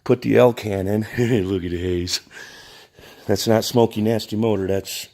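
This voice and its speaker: A man's voice: fairly low pitch, steady tone, unhurried, mellow. A man rambling casually in his workshop garage about his engine, laid-back and folksy, with some mild cursing. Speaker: garage mechanic vlogger. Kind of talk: casual rambling shop talk.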